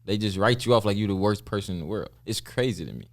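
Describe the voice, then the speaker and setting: A man talking casually as a guest on a podcast, plain-spoken and relaxed. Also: on the low side, fast. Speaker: guest, pro basketball player.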